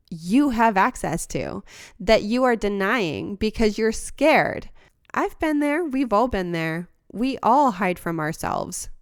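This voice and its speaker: A woman hosting a podcast who talks in an earnest, heartfelt, reflective monologue and sometimes laughs softly or restarts a phrase. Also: medium pitch, clean tone, no room sound, clean studio sound. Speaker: podcast host.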